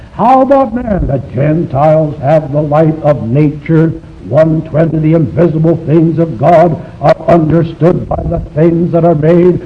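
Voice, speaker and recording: Male Bible teacher, emphatic, slow, lively pitch, high voice, dull lo-fi recording. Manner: emphatic, asks the class rhetorical questions. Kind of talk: Bible study lecture to a live class.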